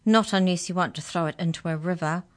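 A woman's voice: on the low side, fast talker, natural voice. A woman reading a children's story, voicing a sarcastic, scheming young girl who snaps at the others. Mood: snappish. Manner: snappish, sarcastic.

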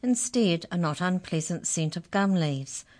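A woman hosting a radio storytime, reading a children's book aloud in an expressive, gentle way. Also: fairly low pitch, unhurried. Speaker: storytime reader on community radio.

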